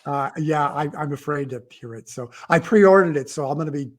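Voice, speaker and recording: A man's voice: fairly high pitch, brisk. A middle-aged man, an author guest on a casual livestream chat, telling rambling stories and often cutting himself off mid-sentence. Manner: rambling, self-interrupting storyteller.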